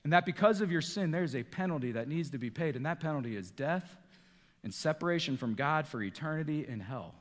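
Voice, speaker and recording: A man from the northeastern United States preaches a sermon with a high voice. His delivery swings between hushed, low passages and rising emphasis. The long reverb of a church hall hangs behind him. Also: expressive, a little fast. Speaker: pastor. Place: church sanctuary.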